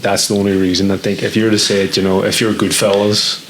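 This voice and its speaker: A man's voice: fairly low pitch, little pitch movement, fast, a little hiss or hum, low-quality recording. A man co-hosting a podcast, chatting casually with swearing and laughter in a studio. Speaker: podcast co-host. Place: recording studio.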